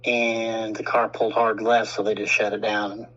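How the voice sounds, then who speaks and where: A man's voice: fairly low pitch, flat delivery, moderate pace, a bit bright, dull audio. A man co-hosting a casual talk show, chiming in with short reactions and frequent laughs. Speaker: co-host. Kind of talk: casual chat.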